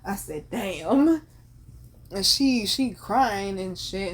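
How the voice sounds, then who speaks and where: A podcast host in her thirties tells a family story in casual slang, swearing and laughing all the way through. Her voice sits at a middle pitch, and her delivery is animated and unguarded. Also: slow pace, slightly rough.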